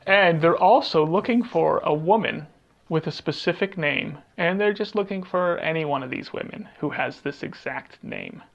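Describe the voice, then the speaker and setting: Rambling through a casual podcast chat, a male co-host keeps trailing off as he gropes for titles and what he wants to say. His fairly high voice swings widely in pitch at a normal speed, with vocal fry. The audio is muffled.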